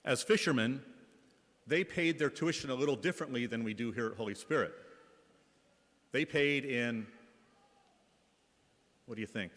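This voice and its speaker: A school principal from the Bay Area tells wry anecdotes with light comic timing, in a mid-pitched voice. His voice rings through a reverberant church hall. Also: normal speed, pauses often, fairly bright tone. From Bay Area, California. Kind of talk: humorous storytelling reflection in church.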